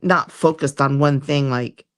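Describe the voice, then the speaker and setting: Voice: mid-range voice, measured pace, a bit bright. A livestream host in casual chat, talking in a rambling, chatty way that often trails off mid-sentence.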